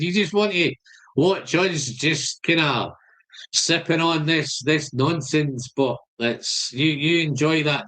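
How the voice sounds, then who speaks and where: A man's voice: on the high side, a bit bright. A Scottish man hosting a live stream, chatting casually and greeting viewers by name. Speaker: whisky channel host.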